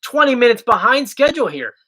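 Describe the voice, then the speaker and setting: Animated man with a South Jersey accent. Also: very high voice, fairly quick, breathy edge, rough recording. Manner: chatty, animated, reads viewer questions aloud. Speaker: YouTube host. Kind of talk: casual livestream Q&A.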